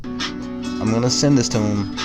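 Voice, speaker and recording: A man with a lowish voice reacts to videos on his podcast, blunt and mocking, swearing freely. He sounds casual and unscripted, and music plays clearly behind him. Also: measured pace. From American South. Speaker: podcast host.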